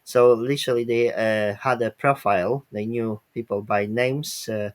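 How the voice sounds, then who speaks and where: A Polish-speaking man, working as an independent journalist, interviews a guest with questions and chat. His mid-range voice is steady and moderately paced, but he's hesitant, using many fillers and non-native phrasing.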